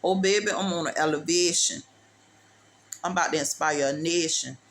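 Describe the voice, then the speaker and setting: A woman with a low voice shares a preachy, motivational testimony at a moderate pace. She speaks emphatically, repeats herself, calls the listener "baby," and uses street-talk phrasing.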